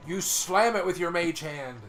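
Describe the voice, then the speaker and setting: A man's voice: high voice, expressive, measured pace, noisy background. A man narrating as game master in a tabletop game, laid-back and stopping for fillers.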